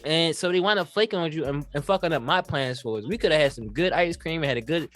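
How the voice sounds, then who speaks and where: A man's voice: a little high, fast talker, a bit bright, faint music behind. A young man on a podcast, telling a story in casual slang and acting out the quoted lines as he goes. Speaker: podcast co-host.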